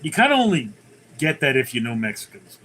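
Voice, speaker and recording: A man's voice: mid-range voice, big pitch swings, fairly quick, pushed and bright. A man hosting his own livestream, chatting casually, rambling through jokes and reading viewer comments aloud from his computer at home. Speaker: livestream host.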